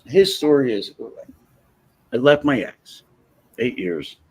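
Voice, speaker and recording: A man hosting a livestream, telling a personal story in a blunt, profane, animated way. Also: on the high side, slow, vocal fry. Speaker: livestream host. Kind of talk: casual storytelling chat.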